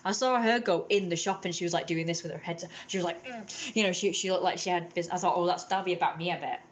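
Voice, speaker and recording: A woman's voice: on the low side, fast talker, background noise. A young woman rambling through a story to camera, indignant and acting out what others said in raised voices. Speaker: vlogger.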